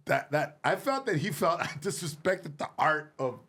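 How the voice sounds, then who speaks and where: A man's voice: on the high side, moderate pace. A middle-aged man hosting a casual podcast, telling stories with lots of laughter and acted-out quotes. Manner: animated, laughing, says bro a lot, acts out quotes. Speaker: podcast host, comedian. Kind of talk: casual storytelling chat.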